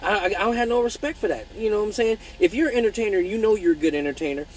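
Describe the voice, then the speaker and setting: Speaking rapid-fire in a high voice, a man who works as an exotic dancer hosts a casual live Q&A, cursing freely and telling blunt, animated stories. He reads viewer comments aloud, and the rough recording has slight background noise.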